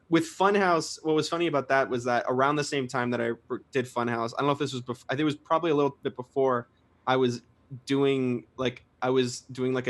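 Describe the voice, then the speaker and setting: A young man, a guest singer, talking casually in an interview, chatty and self-deprecating, laughing often and restarting sentences. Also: medium pitch.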